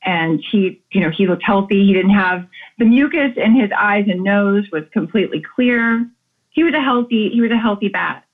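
A woman's voice: medium pitch, expressive, normal speed. A woman guest in an interview, telling stories with enthusiasm and animation. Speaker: guest artist. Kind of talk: casual interview chat. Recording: tinny phone-like call audio.

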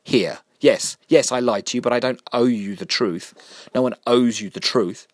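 A man reading a story aloud, voicing a flustered, defensive older gentleman who stammers and snaps back. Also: lowish voice, moderate pace, dry recording, studio quality, natural voice. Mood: indignant. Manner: pleading then indignant, stammering.

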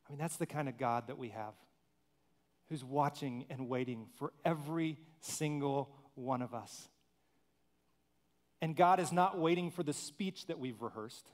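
A male pastor preaching a conversational sermon, animated, with humorous asides and acted-out quotes. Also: medium pitch.

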